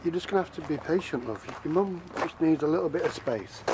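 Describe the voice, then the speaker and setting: A man's voice: on the high side, lively intonation, fast. Soothing father on the phone, noisy background. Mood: reassuring. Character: calm reassuring estranged father.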